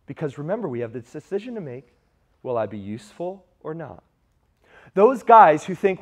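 A male preacher delivers a sermon to young men, emphatic yet conversational. His voice sits a bit higher than most men's, and he leans on rhetorical questions. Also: big pitch swings, fairly quick. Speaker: youth preacher.

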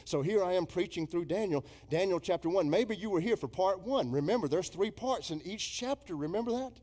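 Man, middle-aged, pastor, church sermon, emphatic, lively swings in pitch and volume. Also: brisk. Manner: emphatic preaching with big swings in pitch and loudness, quoting imagined congregants. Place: church sanctuary.

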